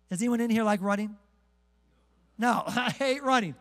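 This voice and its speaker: Pastor guy preaching, jokey and pumped, drags out the bible verses, big echoey church. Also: sits high. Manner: energetic and joking, slows way down to read scripture. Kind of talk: sermon. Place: church sanctuary with congregation.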